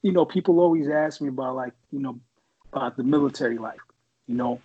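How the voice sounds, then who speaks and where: A man from San Francisco with a husky voice tells crude stories in a loose, conversational way. He fills his speech with like and you know. The recording sounds a little dull and lo-fi. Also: medium pitch, quick pace. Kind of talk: casual chat, storytelling.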